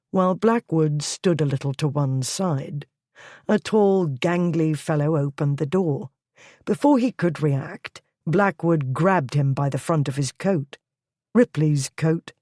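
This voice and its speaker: Audiobook narrator, measured, even, slow, dry studio mic. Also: medium pitch, no echo. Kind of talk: scripted romance audiobook narration.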